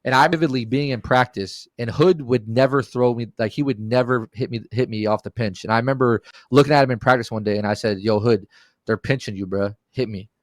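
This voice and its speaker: A man's voice: mid-range voice, fast, hardly any pauses, dry recording. A man on a podcast telling a rowdy, profane story in casual chat and acting out the quotes. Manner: animated, profane, acts out quotes.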